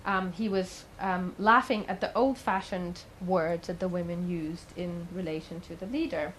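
A woman's voice: lowish voice, steady tone, normal speed, few pauses, fairly bright tone, a little hiss or hum, rough recording. Woman telling a story in a talk. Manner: conversational, asks the audience questions. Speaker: speaker giving a talk. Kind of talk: storytelling lecture.

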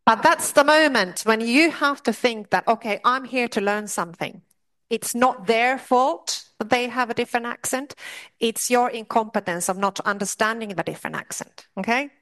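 A woman's voice: a little high, normal speed. Chatty woman lecturer with fillers. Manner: lively, direct and chatty, with many asides and fillers. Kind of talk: classroom lecture.

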